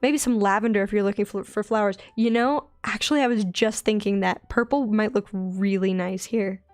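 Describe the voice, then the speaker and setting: A young woman with a light Southern accent, chatting in a bubbly, rambling way while she draws on a stream, often giggling and getting excited. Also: medium pitch, moderate pace, no room sound. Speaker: digital artist streaming her drawing. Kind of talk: casual chatty art stream.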